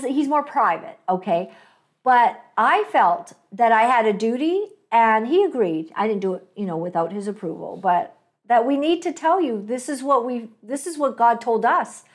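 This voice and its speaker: A woman host from Canada talks in a casual, meandering way, full of fillers and asides. Her voice sits a bit high for a woman. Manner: chatty, storytelling, many fillers and asides. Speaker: talk show host. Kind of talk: casual faith-based commentary.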